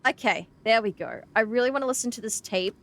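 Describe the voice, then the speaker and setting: A young Australian woman streaming a horror game, chatting excitedly with her viewers. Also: fairly high pitch, fast talker, a little hiss or hum. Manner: chatty, excitable, greets chat. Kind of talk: casual gameplay stream chat.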